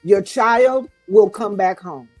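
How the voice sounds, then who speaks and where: A woman's voice: medium pitch, slow, a little mellow, dry recording, soft background music. A middle-aged woman, a guest author, speaking to mothers in a fervent, repetitive, preaching style.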